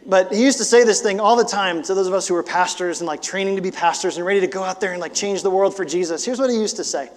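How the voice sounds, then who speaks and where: A man in his forties preaching a sermon as pastor, conversational and animated, with emphatic bursts. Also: high-pitched, fast talker, few pauses, long reverb tail. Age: 40s.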